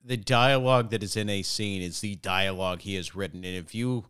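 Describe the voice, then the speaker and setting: A man's voice: fairly low pitch, fairly quick, a bit bright, clear, resonant tone, no room sound, clean studio sound. A man hosting a podcast in casual chat, making wry joking asides and swearing freely. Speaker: podcast host.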